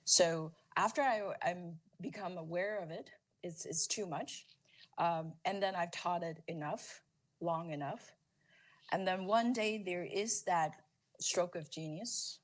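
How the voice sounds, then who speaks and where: A woman answers as a storytelling expert in a relaxed interview. She talks emphatically and repeats key phrases to press a point home. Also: fairly low pitch, measured pace. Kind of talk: conversational interview.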